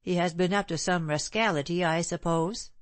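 A woman reading the part of a proud, bitter gentleman who speaks in a sneering, clipped way. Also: lowish voice, steady tone, moderate pace, no room sound, close to an everyday voice. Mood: scornful. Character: proud bitter middle-aged gentleman, scornful.

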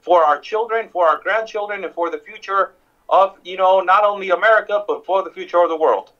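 A man from Mexico, calling in to a talk show, speaking forcefully and defiantly and repeating phrases for emphasis over a phone connection. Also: sits high, brisk, highs cut off. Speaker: guest border reporter. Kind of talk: call-in interview. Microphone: phone or Skype call.

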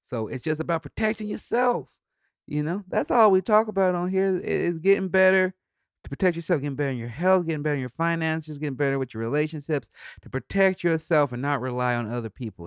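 A man hosting a podcast in a laid-back, rambling solo talk, swearing freely and breaking into high laughs. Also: fairly quick, clear, resonant tone, dry recording, studio quality. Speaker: podcast host. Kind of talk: casual solo monologue.

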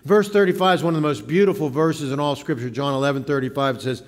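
Male pastor with a slightly high voice, dramatic and animated sermon delivery, recorded in a reverberant church hall. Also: fast talker. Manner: dramatic, acts out quoted voices. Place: church sanctuary.

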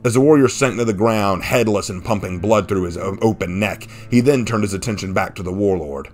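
Deep-voiced man reading a story. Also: a little fast, darkish tone. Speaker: narrator. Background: faint background music.

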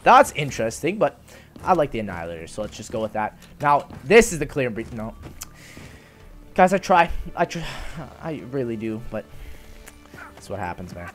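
A young man giving excitable live commentary over a video game, swearing and talking to the characters on screen. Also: medium pitch, normal speed, long pauses, faint music behind. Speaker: gaming YouTuber. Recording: voice over loud game audio.

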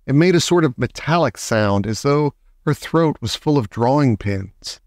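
A man narrating a children's novel aloud in measured, dramatic storytelling. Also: mid-range voice, expressive, dry recording, clean studio sound. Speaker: audiobook reader. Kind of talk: scripted narration.

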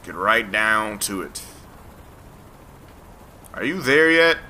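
A man's voice: fairly low pitch, sing-song, takes it slowly, pushed and bright, a little hiss or hum. A man hosting a let's play, rambling, teasing and talking back to the game as he plays. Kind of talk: joking gameplay commentary.

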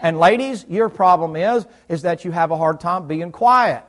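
A man's voice: high voice, moderate pace. A middle-aged man, preaching a folksy sermon in church and quizzing his listeners. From United States South. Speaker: pastor.

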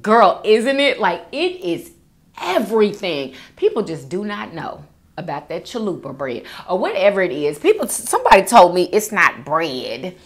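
A woman's voice: on the low side, big pitch swings, normal speed. A young woman hosting a food vlog, chatting casually to viewers and calling them girl and y'all. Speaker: mukbang host. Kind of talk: casual chat reading viewer comments.

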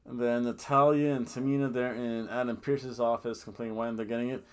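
A man hosting a casual wrestling review podcast, rambling and animated, often laughing and booing in mock outrage. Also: mid-range voice, a little fast, smooth. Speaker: podcast host.

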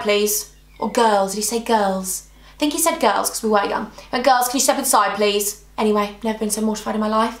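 A woman's voice: fairly high pitch, fairly bright tone, reverberant. A young woman telling a dramatic storytime vlog, chatty and full of asides to her viewers. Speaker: beauty vlogger.

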